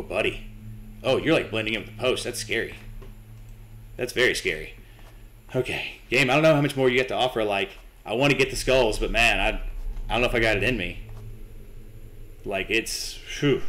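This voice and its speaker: This gaming channel host, a young man, talks through his horror game playthrough in a lowish voice with a sharp edge. He sounds nervous, cursing and muttering to himself while also addressing the game directly.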